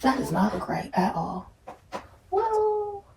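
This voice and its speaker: Tired chatty young woman, gravelly voice. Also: medium pitch, steady tone, normal speed, roomy sound, background noise. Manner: chatty, dramatic and self-mocking, drops to whispers. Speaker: vlogger. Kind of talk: casual vlog chat. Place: indoors at home while painting.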